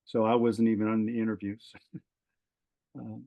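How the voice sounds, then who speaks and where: A gravelly, fairly low male voice comes through at normal speed with phone-quality sound. The speaker, a middle-aged retired fire captain from California, is telling a personal story on a podcast, animatedly performing the dialogue while restarting often and using many fillers.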